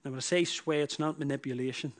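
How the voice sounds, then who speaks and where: A man's voice: mid-range voice, fairly even intonation, fast talker. A man preaching a sermon, building emphatic repeated phrases that rise in force. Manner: emphatic, repetitive preaching with rising bursts.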